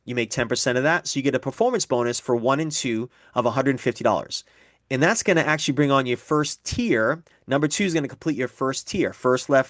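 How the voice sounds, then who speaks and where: A man's voice: mid-range voice, dry recording, studio quality. A man giving a business presentation, explaining figures step by step and acting out sample conversations. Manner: explanatory, repeats figures, acts out sample dialogue.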